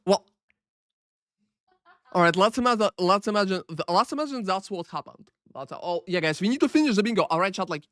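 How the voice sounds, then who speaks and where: A game streamer talks in an unpolished, rambling way, full of filler words and casual swearing. His voice sits a touch high for a man and stays dry and close to the mic, with no room sound. He keeps greeting viewers by name as he chats. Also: expressive, brisk, a bit bright, no echo. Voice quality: profane, rambling, filler-heavy. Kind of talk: casual live-stream chat. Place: Paris.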